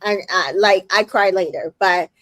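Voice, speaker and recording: A woman's voice: medium pitch, steady tone, moderate pace, a bit bright. A woman hosting a casual recap chat, retelling scenes with lots of swearing and filler words. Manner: retells scenes quoting people, swears freely, many fillers. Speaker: recap podcast host.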